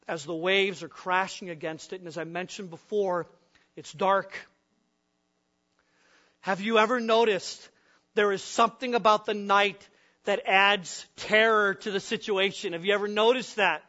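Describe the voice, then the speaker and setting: A pastor from the upper Midwest preaching a sermon, asking the congregation questions and acting out the voices of frightened men. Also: male voice, high-pitched, steady tone, moderate pace, bright, forceful tone, highs cut off.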